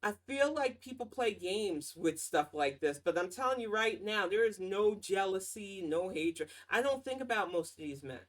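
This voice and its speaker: A woman hosting her own show, ranting in casual political commentary with a sarcastic, mocking tone and lively swings in pitch and loudness. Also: moderate pace, hardly any pauses. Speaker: podcast host.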